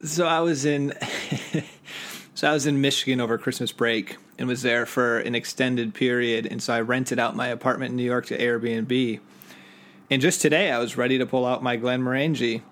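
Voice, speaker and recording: A man's voice: mid-range voice, fairly even intonation, normal speed, fairly bright tone. Chatty podcast host man, laughs often. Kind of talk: casual chat.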